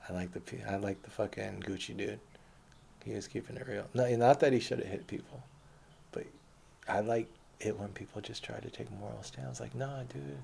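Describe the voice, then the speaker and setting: A man's voice: lowish voice, gravelly, darkish tone, slight background noise. A man telling a rambling, profane, streetwise story from his own life in casual speech.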